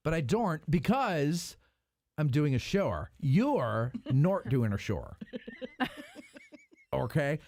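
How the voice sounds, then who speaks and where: Teasing man with a lively voice. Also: a little high, slow pace, long pauses, slight background noise. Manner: teasing, laughs often. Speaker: host. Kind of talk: casual joking chat.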